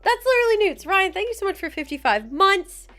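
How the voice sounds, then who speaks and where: A woman's voice: very high-pitched, big pitch swings, normal speed, bright, forceful tone, soft background music. A young woman hosting a livestream, chatting casually and giggling as she greets viewers by name. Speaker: livestream host. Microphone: desk mic with headphones.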